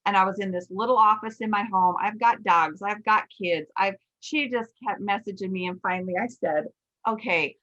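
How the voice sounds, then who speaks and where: A podcast host in her forties who works as a nail instructor tells a story in a casual chat, candid and animated, quoting her own thoughts aloud. Her voice sits at medium pitch and moves at a moderate pace. The audio sounds dull.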